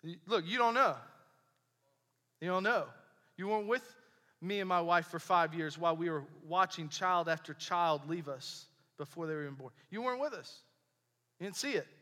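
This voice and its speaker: Young male pastor, high bright voice, chatty but emphatic sermon, church hall reverb. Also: normal speed. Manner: conversational, emphatic preaching with repetitions. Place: church sanctuary.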